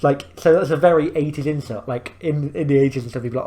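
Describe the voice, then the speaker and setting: A man's voice: medium pitch, brisk, few pauses, dark tone. A man hosting a reaction video, explaining things in rambling casual commentary full of fillers and restarts.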